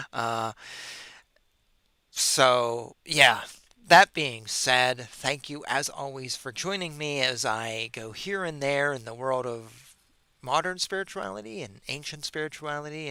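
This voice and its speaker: Solo podcast host, male, bright and smooth voice, sarcastic and fed up. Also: medium pitch, dry recording. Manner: sarcastic, exasperated, mocking. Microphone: webcam or computer mic.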